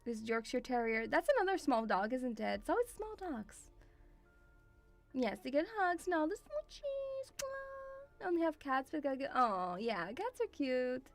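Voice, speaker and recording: A woman's voice: sits high, sing-song, moderate pace, soft background music. A woman streamer chatting casually and rambling, calling her viewers sweetie. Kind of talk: casual live-stream chat.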